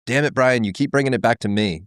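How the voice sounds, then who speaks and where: A man's voice: mid-range voice, fast talker, no room sound, clean studio sound. A man hosting a podcast, talking candidly and joking, questioning himself. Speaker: podcast host. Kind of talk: podcast interview.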